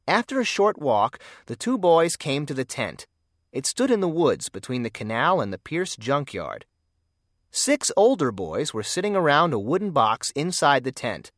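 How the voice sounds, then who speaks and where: Expressive storyteller reading a kids' mystery, voice bounces all over, dry close mic. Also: medium pitch, moderate pace, dry recording. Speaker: narrator. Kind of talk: children's story read aloud.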